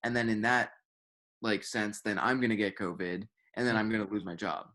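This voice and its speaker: A man's voice: on the low side, brisk, sharp tone. A young man co-hosting a podcast in casual chat, rambling with lots of filler words and swearing. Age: young adult. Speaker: podcast co-host.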